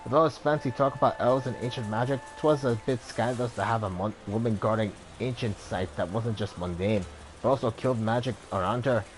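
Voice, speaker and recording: A man's voice: medium pitch, brisk, soft background music, close to an everyday voice, low-quality recording. A man voicing a brawny, brash young Irish woman, an ex-ranger who talks in a chatty, blunt and slangy way.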